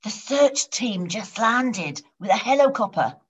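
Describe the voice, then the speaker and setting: A woman's voice: fairly high pitch, expressive, a little slow, husky, voice pushed up. A woman whispering as a tiny child. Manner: hushed whisper. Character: small child whispering on the phone. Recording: dull lo-fi sound.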